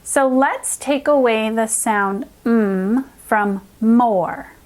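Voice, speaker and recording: A young adult woman who teaches reading, giving an upbeat lesson to young children and slowly sounding out letters and words. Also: a little high.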